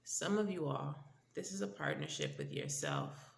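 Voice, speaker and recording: A tarot reader with a gravelly, mid-range voice that swoops wildly in pitch gives viewers a casual spiritual reading at normal speed. Sounding stuffy and congested, they often check in with "okay?" and "all right?" The room is echoey, with faint background noise.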